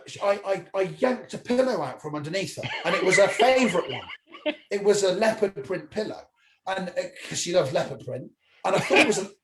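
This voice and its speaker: A high-pitched man with a lively, bouncing voice tells comic stories and acts out every voice in them. He is a stand-up comedian and he swears freely. The sound is roomy, with a faint hiss underneath. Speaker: comedian guest. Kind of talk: anecdotal storytelling. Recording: echoey room with faint noise.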